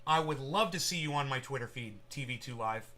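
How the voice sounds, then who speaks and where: A man's voice: medium pitch, fairly quick, sharp tone. A man hosting a livestream, rambling casually and with profanity while addressing viewers in chat by name. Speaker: livestream host.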